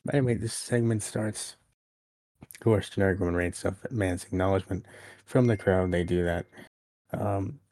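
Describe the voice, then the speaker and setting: A man's voice: deep voice, normal speed, long pauses, darkish tone, no echo. A man co-hosting a podcast, casually recapping a wrestling show at length and acting out what was said. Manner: recaps events at length, acting out quoted lines. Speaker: podcast co-host. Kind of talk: casual wrestling review chat.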